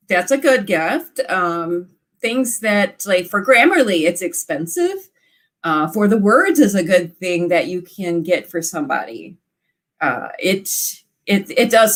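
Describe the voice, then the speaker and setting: A woman, an author hosting live writing sprints and chatting casually with viewers in a bubbly, gushing way. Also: mid-range voice. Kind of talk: casual livestream chat.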